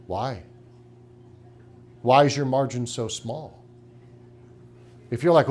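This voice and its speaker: A middle-aged practice consultant gives a business training talk to clinic owners, emphatic and punchy, full of rhetorical questions. His medium-pitched voice is slow and a little mellow, with frequent pauses.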